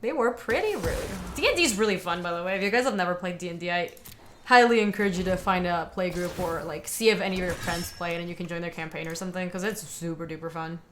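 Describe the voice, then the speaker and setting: A woman's voice: on the low side, quick pace, slight background noise. A young woman giving casual commentary on a card game, chatting with viewers as she plays. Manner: chatty, talks to viewers and chat while playing. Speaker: streamer playing a card game.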